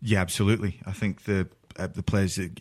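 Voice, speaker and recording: A man from Cornwall, chatting about football as a relaxed, agreeable pundit. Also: sits low, fairly quick, slightly rough. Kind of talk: casual football chat.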